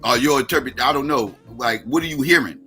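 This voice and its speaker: Middle-aged male stream host, profane combative rant, sharp bright tone, faint music underneath. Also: mid-range voice, a little fast. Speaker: livestream host. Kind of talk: heated livestream rant.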